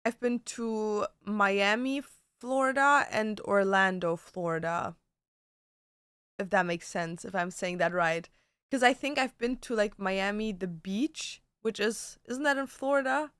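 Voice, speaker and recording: Young woman, chatty streamer, crisp bright voice, dry close sound. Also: mid-range voice, unhurried, no room sound. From Germany. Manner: chatty, swearing, lots of "like". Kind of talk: casual livestream chat. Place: home.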